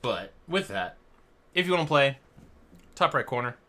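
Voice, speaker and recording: Over a headset, a man with a mid-range voice runs a trivia night stream, his pitch swinging widely at a moderate pace and with a sharp tone. The banter is casual and chatty, full of flashy announcer intros and wandering tangents.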